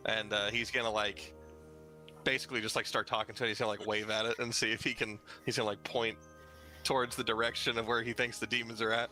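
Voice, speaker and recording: A man playing a tabletop game, describing his character's actions haltingly with many fillers. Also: on the low side, flat delivery, bright, forceful tone, faint music behind. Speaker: player. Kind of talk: casual tabletop play.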